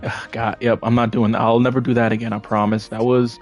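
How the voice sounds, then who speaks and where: A man's voice: medium pitch, level tone, a little fast, soft background music. A man with a New York accent giving casual gameplay commentary, rambling and correcting himself with a lot of swearing. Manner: rambling, self-correcting, profane. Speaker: gaming streamer.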